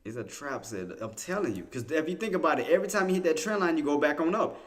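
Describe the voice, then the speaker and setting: His voice a little high and his pace quick, this man hosts a day-trading livestream, calling out what the chart is doing live. Expect self-talk, repeated phrases, and constant restarts, punctuated by excited, insistent bursts.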